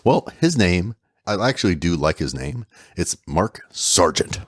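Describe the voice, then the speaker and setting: A man's voice: deep voice, sing-song, a little slow, dry recording, studio quality. A man co-hosting a casual podcast, explaining with playful jokes and sound effects. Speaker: podcast co-host.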